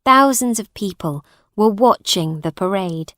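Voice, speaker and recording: A woman narrating an audiobook for English learners, reading slowly and clearly with deliberate, expressive delivery. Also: medium pitch, no room sound, clean studio sound.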